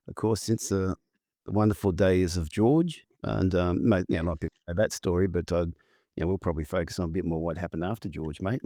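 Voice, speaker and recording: An Australian man hosting a relaxed interview chat, matey and joking, leaning on fillers as he talks. His voice sits fairly low, and the recording is close and dry. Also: dry recording. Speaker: podcast host.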